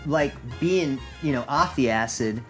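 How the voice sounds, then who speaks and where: A man's voice: mid-range voice, a little slow, a bit bright, faint music behind, rough recording. A man co-hosting a cigar review show, chatting casually in a laid-back, joking, rambling way. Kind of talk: casual chat.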